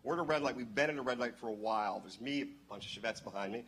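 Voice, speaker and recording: A man telling a story in church on a handheld microphone, excitable and bursting into loud exclamations. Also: medium pitch, rapid-fire. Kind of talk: animated storytelling.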